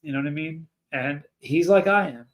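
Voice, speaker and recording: A man hosts a livestream and speaks earnestly and emotionally to his chat. He rambles and restarts his sentences often. His voice sits a little high for a man. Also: normal speed. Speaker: livestream host.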